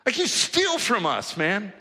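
A preacher doing a furious townsman, voice pushed high and sharp, hurling accusations at a crooked tax man. The bright, strained shouting rings through a reverberant hall. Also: wildly swooping pitch, a little slow, heavily acted. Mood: accusing. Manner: accusing, exasperated rant. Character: indignant townsman scolding a corrupt tax collector.

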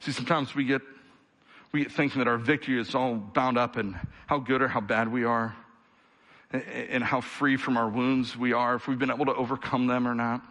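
Bright-voiced male pastor preaching fervently. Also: medium pitch, level tone, brisk. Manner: builds to fervent rhythmic crescendos, then quiets; direct, conversational address to the congregation. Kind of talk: sermon.

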